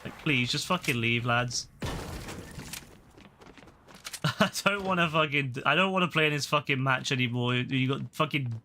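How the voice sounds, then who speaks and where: A young man commentating on his own gameplay in casual chat, swearing a lot and getting exasperated, with excitable outbursts. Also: mid-range voice, moderate pace, long pauses, slight background noise. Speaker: gaming streamer.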